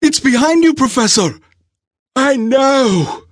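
A frail old professor, gravelly and rasping, drags out each line through labored breathing, as a man puts him on. His low voice rises and falls in wide swings. The recording is close and dry, as in a storybook read in a booth. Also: lively intonation, moderate pace, a bit bright, no echo, exaggerated voice. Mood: urgent. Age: older. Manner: labored breathing, urgent pleading.

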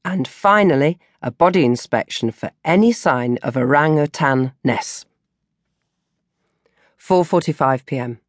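A woman narrating a comic diary audiobook with animated, mock-dramatic delivery. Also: deep voice, measured pace, no echo, studio quality.

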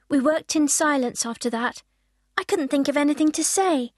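High-voiced woman reading a kids' story. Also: normal speed, dry recording, clean studio sound. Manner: expressive storytelling, first-person girl's voice. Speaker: audiobook narrator. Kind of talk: scripted children's audiobook narration.

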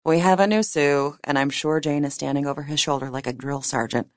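A woman narrator voicing a cool, relaxed woman in her forties, speaking with easy affection. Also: sits low, fairly quick, no room sound, clean studio sound, lightly acted. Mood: wry.

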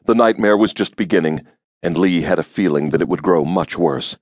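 A man with a very deep voice reads an audiobook in steady, grave narration. He is recorded close on a studio mic in a dry booth. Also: normal speed, dry recording. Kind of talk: scripted narration.

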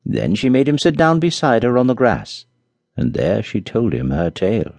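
A man narrating a fairy-tale audiobook in an expressive storytelling way. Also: medium pitch, normal speed, dry recording.

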